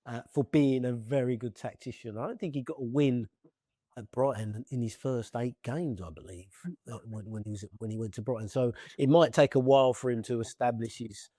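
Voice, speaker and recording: A man's voice: medium pitch, brisk, warm tone, no echo. Hesitant man on a dry, close mic. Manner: hesitant, thinks aloud with fillers. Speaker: podcast co-host. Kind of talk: casual football chat.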